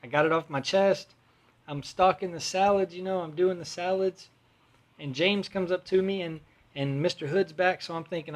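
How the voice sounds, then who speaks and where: Guy on his podcast rambling thru a work story, swears a lot, kinda high voice. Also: moderate pace. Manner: rambling, profane, restarts often. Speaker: podcast host. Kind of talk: casual storytelling chat.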